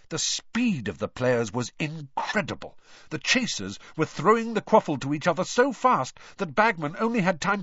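A man giving an animated, expressive audiobook narration. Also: fairly high pitch, husky, no echo. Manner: animated storytelling. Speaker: audiobook reader. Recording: dull dry lo-fi sound.

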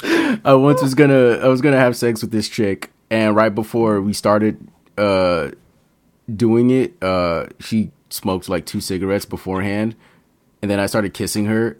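A low-voiced man co-hosting a podcast among friends. He talks casually and playfully, hamming it up like a showman and swearing freely. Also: moderate pace. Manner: playful, dramatic emcee-style delivery, swears freely. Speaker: podcast co-host.

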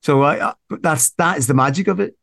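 A man's voice: fairly high pitch, brisk, gravelly, dry recording, studio quality. A man, a podcast guest chatting casually, rambling with lots of restarts. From Northern Ireland. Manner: rambling, many restarts, animated when amused. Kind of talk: casual interview chat.

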